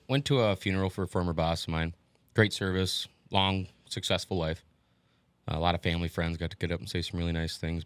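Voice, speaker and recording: Brief: podcast co-host, male, rapid deadpan delivery, dry close sound. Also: sits low, smooth, no room sound. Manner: deadpan joking storyteller. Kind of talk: casual chat.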